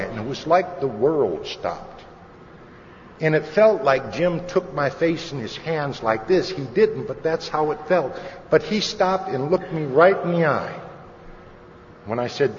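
Male meeting speaker, slightly high voice, candid wry storyteller; lo-fi hall recording. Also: lively intonation, normal speed. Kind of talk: personal recovery story told to an audience. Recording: lo-fi recording with long hall reverb and faint noise.

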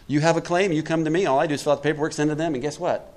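A man's voice: fairly high pitch, fairly even intonation, very fast, darkish tone. A middle-aged man giving a twelve-step recovery talk to a group, conversational and emphatic, often putting questions to his listeners.

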